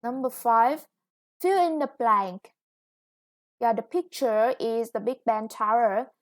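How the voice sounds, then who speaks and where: A woman with a Vietnamese accent teaching an English lesson, explaining patiently and drawing out new words as she goes. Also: fairly high pitch. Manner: patient, explains slowly, stretches new words, self-corrects. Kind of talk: recorded classroom lesson for students.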